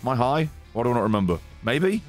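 A man streaming a game, chatting casually and swearing as he thanks viewers, his throat hoarse and strained. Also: mid-range voice, very animated, fast, soft background music. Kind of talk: casual live-stream chat while gaming.

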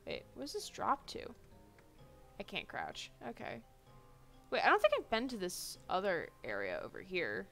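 A woman's voice: mid-range voice, wildly swooping pitch, moderate pace, creaky, a bit bright, soft background music. A woman streaming a game live, chatting casually, exasperated, and swearing freely.

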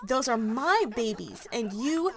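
A woman's voice: on the high side, big pitch swings, measured pace, fairly bright tone, full character voice. A woman voicing an unhinged, possessive mother who snaps defensively. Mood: snapping. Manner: snapping, defensive. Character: unhinged possessive mother clutching her babies.

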